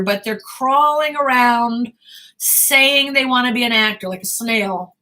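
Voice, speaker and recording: An American woman talks straight to aspiring actors in a live question-and-answer session, blunt and emphatic. Her voice sits a little high and rings bright and forceful. She drives her points home with repetition and plain words. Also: moderate pace. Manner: blunt, emphatic, animated advice-giving. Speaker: talent manager and acting coach.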